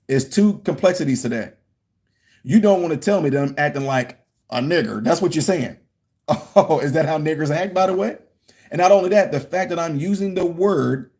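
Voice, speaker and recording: A man with a fairly high speaking voice telling a story about his workplace in a casual monologue. He is emphatic and animated, often acting out what he and others said. His pace stays loose and conversational. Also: normal speed. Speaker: hospital worker and vlogger.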